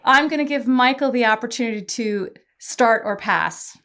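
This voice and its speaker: A woman's voice: fairly high pitch, normal speed, fairly bright tone. Playful woman guest on a podcast. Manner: playful, joking. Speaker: guest judge. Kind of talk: casual chat.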